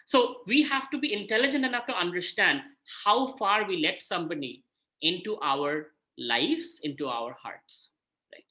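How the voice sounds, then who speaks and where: A man's voice: sits high, lively intonation, moderate pace, pushed and bright. A man gives an informal scripture talk as a spiritual mentor, chatting and often checking in with "right?". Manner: conversational, frequent "right?" check-ins.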